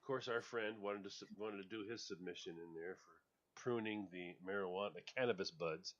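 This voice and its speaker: A man's voice: deep voice, normal speed, a bit bright, dull audio. A man hosting a radio talk show, chatting casually, laughing often and repeating his words. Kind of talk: casual chat.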